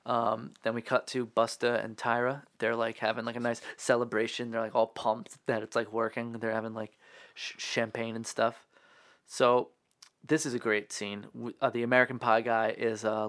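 Male podcast host, relaxed recap delivery, mid pitch, dry booth sound. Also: no room sound. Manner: laid-back, filler-heavy retelling with quick impressions. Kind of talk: casual movie recap chat.

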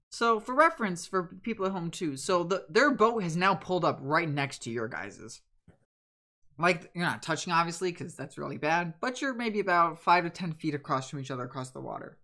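A woman's voice: lowish voice, lively intonation, normal speed, pushed and bright. A young woman running a tabletop role-play as game master, chatty and full of fillers.

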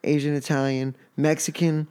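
A man's voice: fairly high pitch, flat delivery, moderate pace, darkish tone, smooth. A man from Texas, hosting a podcast in loose, rambling casual chat, saying "dude" often. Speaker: podcast host.

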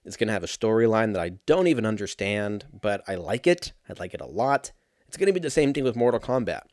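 A man's voice: lowish voice, very animated, fast talker, darkish tone, no echo, clean studio sound. Profane, sarcastic man in his thirties. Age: 30s. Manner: laughs at his own jokes. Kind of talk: casual solo commentary.

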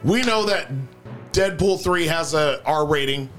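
A man's voice: fairly high pitch, animated, fairly bright tone, faint music behind. A man co-hosting a casual podcast, swearing freely and joking through the news. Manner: profane, slow and drawling, jokey. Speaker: podcast co-host. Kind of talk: casual chat.

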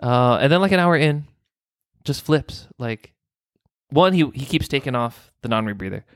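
A male nurse telling a story in casual chat, animated and peppered with swearing. His voice sits at an ordinary middle pitch and sounds dry and close. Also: moderate pace, clear, resonant tone, no echo. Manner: animated, swearing, acts out dialogue.

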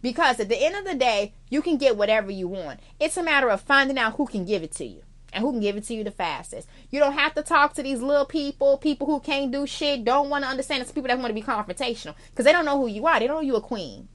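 A woman's voice: sits high, expressive, fast talker, few pauses. A young adult woman from the United States giving blunt, sassy life advice in a casual monologue, swearing freely and calling the listener girl.

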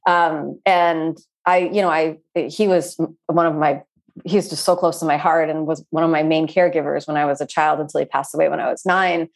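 A woman yoga teacher speaking in an interview, earnest and searching, with frequent pauses and restarts. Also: low voice, fairly even intonation, gravelly. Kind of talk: reflective interview talk.

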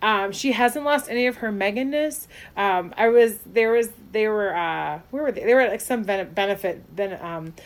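A woman's voice: mid-range voice, normal speed, hardly any pauses. A young woman co-hosting a podcast in casual chat, rambling with many fillers and restarts and laughing often. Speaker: podcast co-host.

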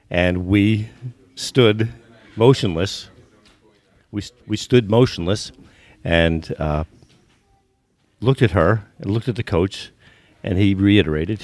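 A man's voice: sits low, a little slow, a little mellow, dry recording. A man in his sixties from the United States, telling stories as a podcast guest, often repeating words and restarting. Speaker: guest, football business consultant. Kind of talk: storytelling in a podcast interview.

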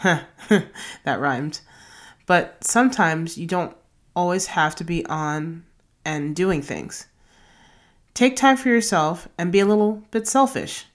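Podcast host: young woman with a low voice who reads numbered self-help tips and slips into chatty asides. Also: expressive, takes it slowly. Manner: reads numbered tips, then drifts into loose casual asides. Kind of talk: reading a self-help blog post aloud.

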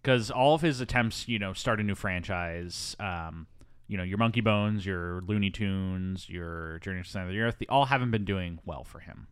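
A man's voice: deep voice, moderate pace, clear, resonant tone, no room sound, clean studio sound. A man hosting a casual movie podcast, chatty with frequent ums and asides. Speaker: podcast host.

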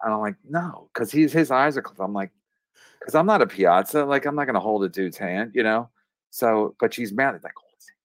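A man telling a rambling story on a podcast, full of restarts, fillers and pauses. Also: fairly low pitch, animated, no room sound. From Irish.

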